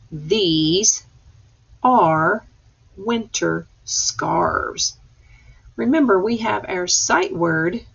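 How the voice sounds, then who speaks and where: A woman's voice: lowish voice, vocal fry, husky. A woman teacher leading a reading lesson for young children, patiently sounding out letters and words. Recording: dull lo-fi recording.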